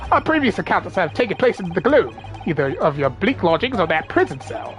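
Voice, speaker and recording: A woman voicing a polite, aloof English gentleman detective, speaking in a courteous, unhurried and dry way. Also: fairly low pitch, sing-song, soft background music, voice pushed down. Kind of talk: reading game dialogue aloud.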